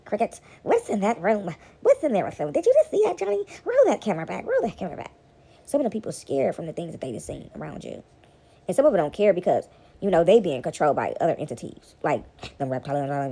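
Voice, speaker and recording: Her voice is low-pitched, warm, and slightly rough as she chats to viewers from home, settled among laundry. The vlogger's spiritual commentary is casual and wandering, full of repetition and mocking impressions.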